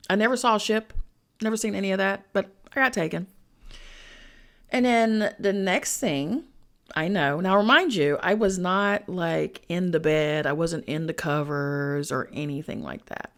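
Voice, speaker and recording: A woman's voice: mid-range voice, moderate pace, gravelly, fairly bright tone. A woman hosting a podcast, telling a personal story in a chatty, slangy way, swearing and speaking straight to her listeners. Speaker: podcast host and spiritual coach. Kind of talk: casual storytelling.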